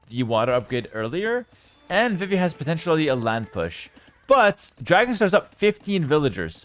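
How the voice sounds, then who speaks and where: A man is streaming live commentary on a strategy esports match and reading out chat. He alternates between loud bursts of hype and low, calm play calls.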